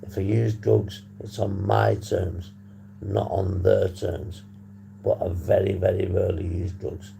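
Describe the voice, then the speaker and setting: A man from the UK hosting a casual recovery livestream, husky from a long phone call, rambling and swearing casually to his chat. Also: deep voice, flat delivery, a little slow, a little hiss or hum. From United Kingdom. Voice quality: gravelly, dark voice. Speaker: livestream host on addiction recovery. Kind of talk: casual live-stream chat to viewers.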